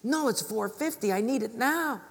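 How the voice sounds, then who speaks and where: A man's voice: very high voice, animated, moderate pace, vocal fry, pitched above the performer's own voice, exaggerated voice. A man doing a brusque old cobbler. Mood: curt. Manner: curt and brusque. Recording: reverberant hall.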